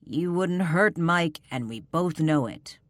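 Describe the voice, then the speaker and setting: A woman's voice: deep voice, expressive, slow pace, dry recording. A woman narrator voicing a cocky, teasing male warrior leader who barks orders. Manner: dry, teasing, then barking orders.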